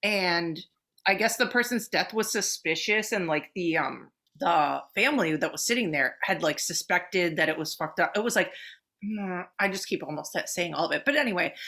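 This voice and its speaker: Woman podcast host, bright voice, swears a lot, rambly excited chat. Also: lowish voice. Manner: swears freely, fast excited storytelling with many fillers. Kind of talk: casual chat.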